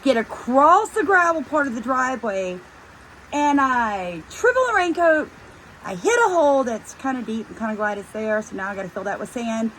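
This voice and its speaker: A middle-aged woman tells a lively, chatty story to her viewers. Her voice sits a little high, and she keeps the tale moving with animated emphasis. A faint hum of outdoor noise runs behind her. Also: moderate pace, rough recording. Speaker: homesteading vlogger. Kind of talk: casual storytelling vlog.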